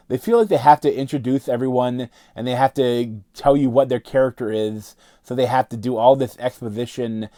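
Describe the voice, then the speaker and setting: A man's voice: medium pitch, mellow, no echo, studio quality. Rambling man reviewing a movie. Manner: rambling, heavy filler words, frequent restarts. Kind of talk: casual spoken review.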